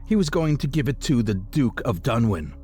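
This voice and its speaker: A man's voice: sing-song, moderate pace, mellow, faint music behind, close to an everyday voice. A man voicing a smug, scheming male halfling bounty hunter who gloats over his captive, in an audiobook. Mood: gloating. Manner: smug, gloating, deeper than the narration.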